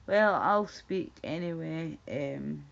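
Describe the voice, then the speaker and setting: Slow gravelly Scottish woman streaming. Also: low-pitched. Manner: chatty, swearing, laughing, repeating words. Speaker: livestreamer. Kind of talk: casual chat with viewers. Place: at home. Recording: dull lo-fi stream audio.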